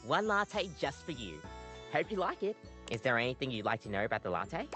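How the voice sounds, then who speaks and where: A woman's voice: extremely low pitch, big pitch swings, fairly quick, a bit bright, faint music behind, full character voice. An actress with an Australian accent playing a cheerful, slightly awkward female barista who is really a coffee machine, in a video game. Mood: chirpy. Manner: bubbly, a bit awkward.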